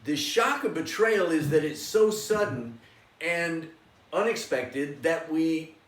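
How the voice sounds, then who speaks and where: A man teaching a yoga and meditation class, coaxing listeners to join him in loud, forceful chanting. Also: a little high, slow. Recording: echoey room, voice from a distance.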